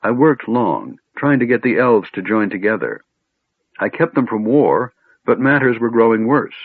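A man reading an audiobook voices a female silver dragon in elf form, speaking in a low, grave and passionate way, on a tinny phone-like recording. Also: very animated, normal speed, breathy edge, no room sound. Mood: grave, sorrowful. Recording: tinny phone-like band, dry.

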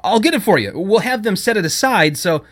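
A man's voice: high voice, lively intonation, fairly quick, fairly bright tone, pitched above the performer's own voice. Trenton, a man voicing a flustered young man. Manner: flustered, hesitant. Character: nervous young man eager to please.

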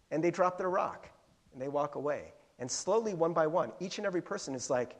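A man preaching a sermon as a pastor, telling a story with animated asides and chuckles, in a slightly husky voice. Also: fairly high pitch, a little fast.

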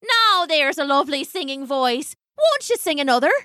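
A woman voicing a cheerful village washerwoman in a storybook, calling out brightly and friendly. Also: high-pitched, big pitch swings, normal speed, no echo, studio quality, voice pushed up, heavily acted.

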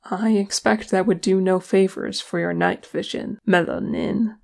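Woman reading as a proud, calm elf. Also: mid-range voice, unhurried, vocal fry.

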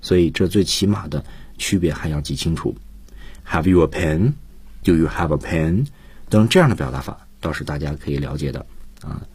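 A man teaching English on a radio lesson, explaining points in a calm, explanatory way. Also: rumbling low, moderate pace, slightly rough, no room sound. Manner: explanatory, switches between Chinese and English.

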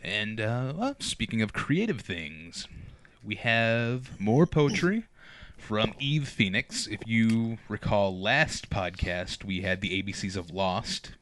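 A man's voice: lowish voice, expressive, slow, a bit bright. A man co-hosting a podcast, chatting in a playful manner with stammers and restarts. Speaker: podcast co-host. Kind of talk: casual chat.

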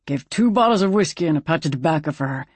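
A gruff, cold possum storekeeper, as a narrator puts him on for a storybook, talking in a blunt backwoods drawl. His voice sits a touch higher than the reading voice, and the recording is close and dry. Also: expressive, fast, darkish tone, no echo.

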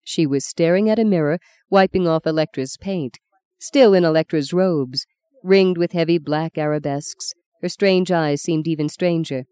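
A woman narrating an audiobook in a measured, even storytelling manner, close to the mic. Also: sits low, smooth, no room sound.

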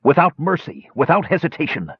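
A man voicing a shrill, sneering hunchback sorcerer. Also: big pitch swings, a little fast, slightly rough, no room sound, lo-fi sound, exaggerated voice. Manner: barks insults and orders. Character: shrill cruel hunchbacked dwarf sorcerer commander. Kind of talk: audiobook character voice.

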